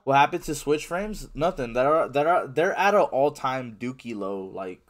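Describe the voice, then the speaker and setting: A man's voice: mid-range voice, animated, unhurried. A male livestreamer casually reading viewer chat aloud and answering it while he plays, in a slangy way. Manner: reads viewer chat aloud and answers, slangy, says "bro" and "man" often.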